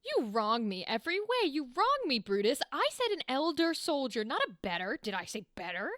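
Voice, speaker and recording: A woman reads a proud, hot-headed Roman soldier, weighing each line slowly. The voice is smooth and slightly high. The sound is dry and close. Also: big pitch swings, a bit bright, dry recording. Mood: indignant. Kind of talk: dramatic reading of a play.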